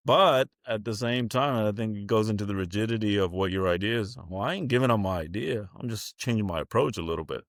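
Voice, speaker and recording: A man's voice: fairly low pitch, fast, few pauses, no room sound, clean studio sound. A man who leads a school district, talking in a casual interview in a plain-spoken, folksy way and acting out the conversations he quotes. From California.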